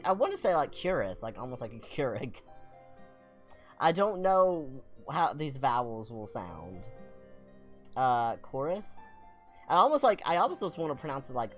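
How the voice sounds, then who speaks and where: Rambling Southern American streamer. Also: medium pitch. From Southern United States. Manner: rambling, self-deprecating, animated storytelling. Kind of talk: casual let's-play chat, reading game text aloud.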